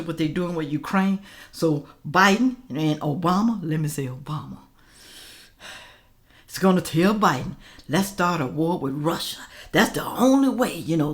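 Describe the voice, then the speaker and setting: A woman hosting a reaction video, chatting casually to her viewers, repeating her points and calling them y'all. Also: fairly low pitch. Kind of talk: casual commentary reacting to news.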